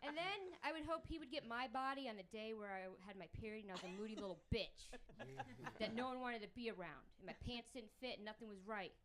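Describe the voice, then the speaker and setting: A woman's voice: a little high, animated, quick pace, fairly bright tone, slight background noise. A young woman doing a crude, brash stand-up comedy set on stage before a live audience. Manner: crude, brash punchlines with big vocal jumps.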